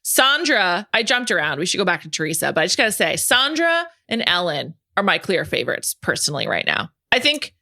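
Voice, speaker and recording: A woman's voice: fairly low pitch, sing-song, fairly quick, hardly any pauses, sharp tone, no room sound, clean studio sound. A woman hosting a podcast in casual chat, enthusiastic and talkative with lots of fillers. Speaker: podcast host.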